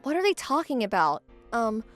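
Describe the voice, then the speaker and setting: A woman narrating her own animated story in first person, exasperated and sarcastic. Her voice is high and very lively, with faint music running underneath. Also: moderate pace. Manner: exasperated, sarcastic inner monologue. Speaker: narrator and lead character.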